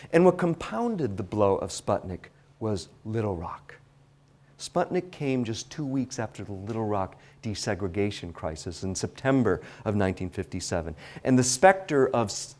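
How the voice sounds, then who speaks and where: A man giving a history lecture, hesitant and full of fillers and restarts. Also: mid-range voice. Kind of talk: public lecture. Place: library lecture hall.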